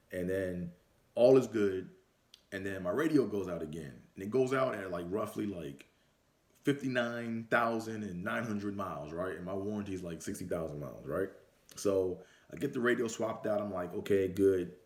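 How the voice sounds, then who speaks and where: A man vlogging in a casual storytelling style, laid-back and slangy, swearing freely as he talks to the camera. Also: lowish voice. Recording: roomy echo.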